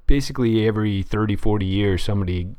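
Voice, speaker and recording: A man's voice: fairly low pitch, fast, dark tone, smooth. A man hosting a casual solo podcast, reading news headlines aloud and thinking aloud with many fillers and restarts. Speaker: podcast host.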